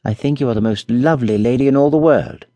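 A man's voice: medium pitch, fast talker, dark tone, dry recording, lightly acted. A man voicing an eager, impatient young prince who speaks in a clipped way in a storybook reading.

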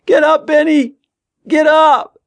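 A man voicing a frightened young boy who yells frantically in a shrill voice. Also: little pitch movement, takes it slowly, gravelly, no echo, heavily acted. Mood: panicked screaming.

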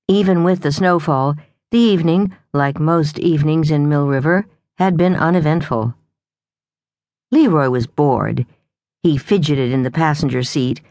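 A woman narrating a novel in a measured, even storytelling manner, close to the microphone. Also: deep voice, no echo. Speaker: audiobook narrator. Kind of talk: scripted narration.

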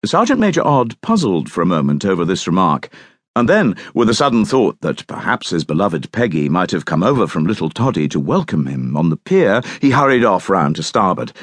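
A man narrating an audiobook in a measured, expressive reading voice, recorded close to the mic. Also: sits low, dry recording. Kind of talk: scripted narration. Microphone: close studio mic.

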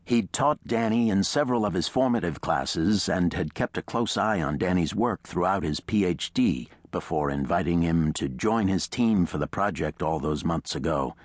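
A man's voice: deep voice, animated, normal speed, few pauses, no echo. A man narrating a thriller audiobook in a dramatic, tense storytelling manner.

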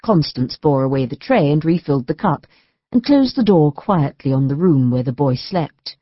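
A woman narrating an audiobook in a steady, even storytelling manner. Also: low-pitched, moderate pace, no room sound. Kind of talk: scripted narration. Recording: dull dry studio recording.

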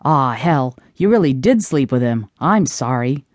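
A woman voicing a gruff, weary older man who talks in a curt, tired way for an audiobook. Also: rumbling low, lively intonation, a little slow, darkish tone, dry recording, studio quality, pitched below the performer's own voice.

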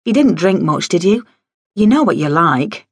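A woman voicing a brisk, bold young woman historian in an audiobook, blunt and quick. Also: lowish voice, animated, breathy edge, no room sound. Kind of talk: audiobook character voice. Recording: dry studio audio.

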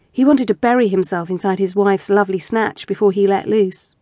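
Female audiobook narrator, mid-pitched, intimate and measured, dead-dry booth. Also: mellow, dry recording. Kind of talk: scripted narration of erotic fiction.

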